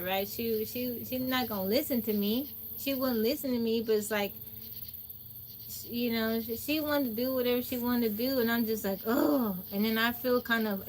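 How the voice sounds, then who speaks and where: A woman livestreaming, telling stories in a casual, animated way, laughing often and acting out what people said. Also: on the high side, slight background noise. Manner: folksy, speaks to viewers directly. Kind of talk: casual storytelling chat.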